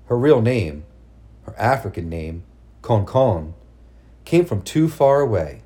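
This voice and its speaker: A man reading a first-person story aloud as narrator, in a measured, hushed storytelling manner. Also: medium pitch. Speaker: audiobook narrator.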